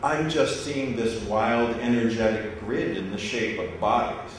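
A man telling a story to a live audience, animated and laughing as he goes. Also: mid-range voice, unhurried. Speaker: speaker. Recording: echoey hall, distant mic, noisy.

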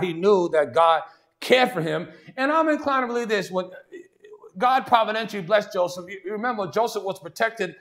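A man's voice: sits high, fairly bright tone. A man preaching a sermon in a conversational way, often saying "see" and "watch this" and restarting his sentences. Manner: frequent restarts and stammered repeats.

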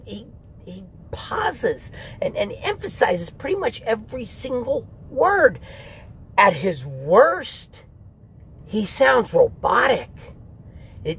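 A man's voice: high voice, gravelly, slight background noise. A man giving a candid, rambling spoken review of an audiobook, with restarts and mock asides.

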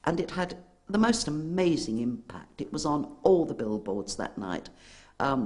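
An older woman giving an interview, reminiscing in a fond, chatty, slightly halting way. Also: low voice, big pitch swings, darkish tone. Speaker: interviewee, widow.

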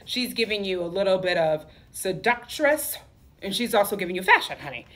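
This boutique owner's medium-pitched voice is expressive, brisk, and a bit bright as she runs a live sale from her clothing store. She leans on sassy, campy lines full of "okay?" and "honey".

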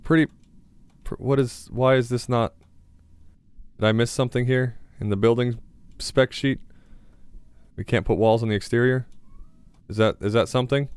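A man's voice: medium pitch, fairly even intonation, moderate pace, long pauses, darkish tone, clean tone, no room sound. Chatty young man narrating his gameplay. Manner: chatty, self-talking, mildly sarcastic. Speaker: gaming YouTuber. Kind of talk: casual gameplay commentary.

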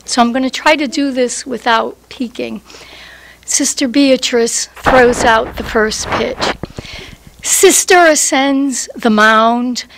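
High-voiced woman, unhurried chatty poet. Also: vocal fry, slight background noise, low-quality recording. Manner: lively, conversational storyteller. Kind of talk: chatty poem introduction and recitation. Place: public poetry reading. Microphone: standing microphone.

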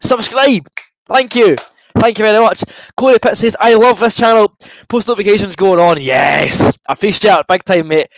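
A man's voice: sits high, moderate pace, low-quality recording. A young Scottish man hosting a football watchalong stream, reading out viewer comments and answering them in a chatty, good-humoured way while feeling a bit queasy from fizzy juice. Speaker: livestream host.

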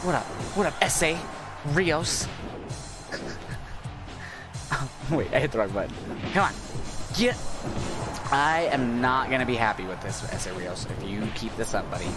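A man giving excitable, cursing commentary while playing a video game, his voice going hoarse. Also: mid-range voice, normal speed. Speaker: gaming channel host. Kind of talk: casual gameplay commentary. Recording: game music loud behind voice. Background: video game music.

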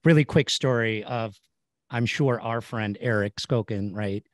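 A man's voice: lowish voice, unhurried, dry recording, clean studio sound. A man hosting an interview, affirming his guest and telling stories, repeating words as he goes. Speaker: podcast host. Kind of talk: casual interview chat.

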